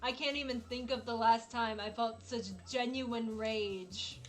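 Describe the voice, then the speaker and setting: A woman's voice: on the high side, fairly even intonation, a little slow, soft background music. A woman live-streaming while she plays a video game, chatting casually and dramatically, exasperated and laughing often.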